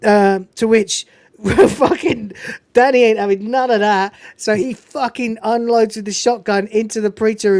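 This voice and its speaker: A woman's voice: medium pitch, measured pace, no room sound. A woman hosting a podcast, giving a casual, swearing-filled, digressive recap of a film scene. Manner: animated, profane, digressive. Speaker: podcast host.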